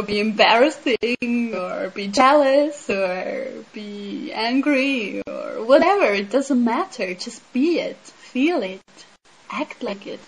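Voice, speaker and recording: Slow, earnest woman. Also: a little high, slightly rough, rough recording. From Switzerland. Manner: earnest, reflective, with many "like" and "um" fillers. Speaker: speaker sharing personal insight. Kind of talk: casual spiritual talk.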